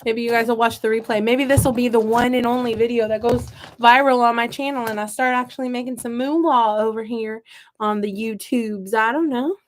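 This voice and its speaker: A young woman with a Midwestern accent talks her way through repotting seedlings, chatty and self-mocking as she drifts off topic. Her voice sits a touch higher than most women's, easy and unhurried. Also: fairly even intonation. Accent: Midwestern American. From American Midwest. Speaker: gardening vlogger. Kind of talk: casual chat while working.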